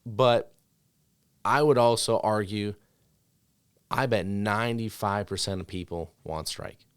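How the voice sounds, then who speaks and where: A man with a lowish, smooth, resonant voice talks casually on a podcast. He rambles through stories with frequent fillers. The sound is dry and close. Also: unhurried, dry recording. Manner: conversational, storytelling with many fillers. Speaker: podcast co-host, dog trainer. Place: studio.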